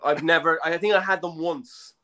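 A man's voice: fairly high pitch, steady tone, moderate pace, bright, forceful tone, low-quality recording. An Irish man hosting an online comedy show from his bedroom, trading dry, teasing banter with his guests. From Ireland. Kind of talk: comedic chat on a video call.

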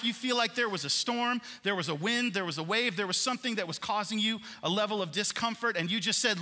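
A man preaching a sermon in a church worship center, animated and asking the congregation questions. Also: high-pitched, a little fast, few pauses. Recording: long hall reverb in a church.

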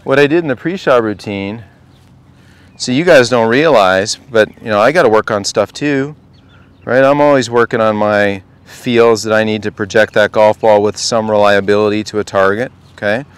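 Chatty golf coach, smooth clear voice. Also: male voice, lowish voice, normal speed, no echo. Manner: conversational, keeps asking the group questions. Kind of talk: outdoor golf clinic talk to a group. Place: outdoor golf practice range.

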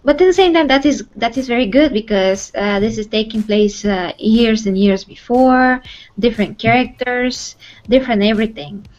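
A woman co-hosting a casual movie chat who speaks haltingly, searching for words between fillers. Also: fairly high pitch, a little mellow. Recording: muffled lo-fi sound with faint music.

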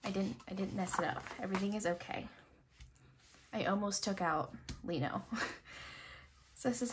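Nasal young woman opening her mail, gets super excited, swears a lot, a bit of room noise. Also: mid-range voice, moderate pace, pauses often. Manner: excitable, swears freely, gushing. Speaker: kpop photocard collector vlogger. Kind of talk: casual unboxing chat.

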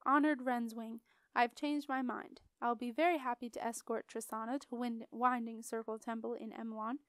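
A woman reading aloud as a brisk middle-aged wizard, clipped and commanding, his voice pitched up high and carrying loud, the tone smooth and resonant in a dry, close-miked room. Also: level tone, no room sound, lightly acted. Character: crisp, educated, abrupt middle-aged male mage.

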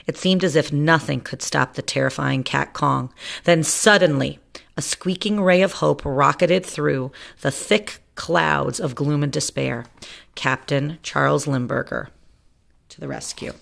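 Low gravelly woman reading a storybook. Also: measured pace. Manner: playful, lively read-aloud. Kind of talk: reading a children's picture book aloud.

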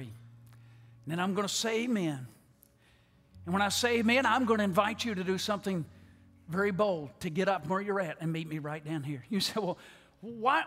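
A man preaching an altar call to a large church, pleading, repeating words, and swinging from loud appeals to hushed tones. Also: high-pitched. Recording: long church hall reverb.

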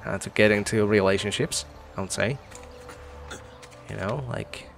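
A man's voice: lowish voice, steady tone, moderate pace, vocal fry, soft background music. A man hosting a casual let's-play, chatting, thinking aloud and laughing often as he plays. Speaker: gaming channel host.

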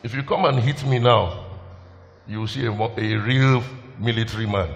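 Emotional pastor preaching. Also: male voice, lowish voice, normal speed, gravelly. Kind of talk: sermon. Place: church hall. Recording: long hall reverb, faint music.

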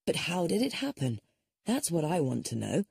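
A woman voicing a capable young housekeeper, speaking higher and earnest. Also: sing-song, normal speed, gravelly, darkish tone, husky, no echo, full character voice.

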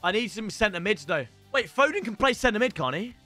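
Hyped young gaming streamer. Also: male voice, sits high, moderate pace, faint music behind. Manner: excitable, shouts and swings between hype and frustration.

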